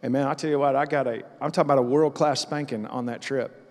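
A man preaching a sermon as pastor, telling an animated story in a church. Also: medium pitch, fast, long reverb tail. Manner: storytelling, animated and loud in acted-out parts. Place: church sanctuary.

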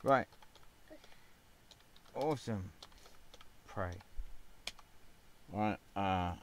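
A man hosting his gaming channel, talking in an unhurried, drawn-out way with a lowish voice. He rambles in a wry, self-mocking manner and fills the gaps with "uh". It is casual commentary recorded at home. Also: a little hiss or hum. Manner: rambling and wry, with many fillers.

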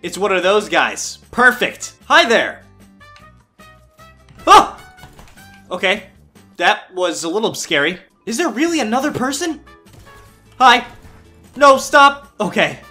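High, animated young man gaming. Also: unhurried, faint music behind. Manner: animated, yelps and squeals when startled. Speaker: gaming YouTuber. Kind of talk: playful gameplay commentary.

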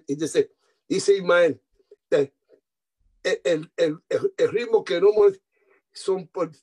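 An older man from New York, an interview guest telling animated stories, repeating words, mixing in Spanish phrases and acting out the voices of people he quotes. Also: high-pitched, rough recording. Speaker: guest musician. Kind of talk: anecdotal interview storytelling.

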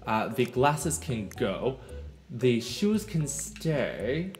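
A man hosting a video game let's play, chatting to himself in an animated, talkative way. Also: mid-range voice, very slow. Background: game music.

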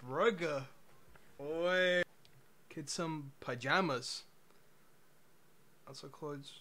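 A man's voice: fairly high pitch, very slow, sharp tone. A man streaming live, chatting casually in a laid-back, mumbling way.

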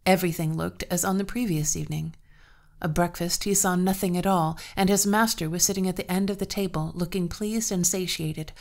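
Measured low-voiced woman storyteller. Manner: measured, expressive reading. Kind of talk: scripted narration of a folktale.

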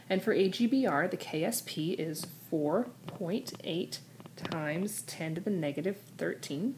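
A woman teacher explaining a chemistry problem step by step, slowing down to spell out equations and numbers. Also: lowish voice, slight background noise. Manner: steady step-by-step explaining, slows down to read out equations. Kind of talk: recorded classroom lesson.

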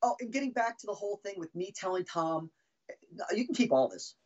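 A man's voice: sits high, very animated, a little fast, muffled recording. A middle-aged man, a former band drummer, telling heated, profane stories as a podcast guest. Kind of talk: casual storytelling.

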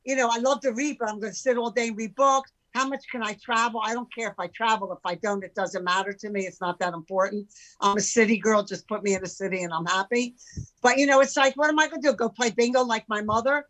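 An older woman, an entrepreneur appearing as a podcast guest, speaks fast in a somewhat high voice on a low-quality recording. She talks emphatically and with animation in casual conversation, acting out the voices of the people she quotes.

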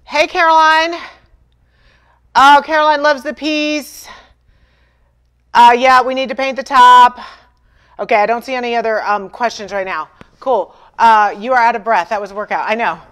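A woman's voice: fairly high pitch, normal speed, pauses often, fairly bright tone, clear, resonant tone. A woman hosting a furniture painting livestream, chatting with viewers and telling stories with acted-out dialogue and self-deprecating humor. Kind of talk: casual livestream chat.

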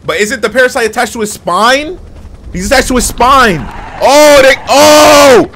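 A young man hosting a reaction video, hyped and shouting with casual slang. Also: very high-pitched, a little slow, gravelly, a little hiss or hum. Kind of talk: excited reaction commentary.

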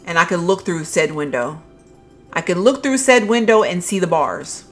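Gushing woman excitedly touring game items. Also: fairly low pitch, normal speed, faint music behind. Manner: gushing, exclamatory, addresses viewers as y'all. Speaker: gaming YouTuber. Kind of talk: excited game walkthrough commentary.

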